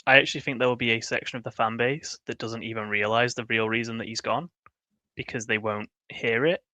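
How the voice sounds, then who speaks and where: A man's voice: mid-range voice, steady tone, fairly quick, sharp tone, dry recording. A man in casual football chat who laughs easily and trails off mid-thought.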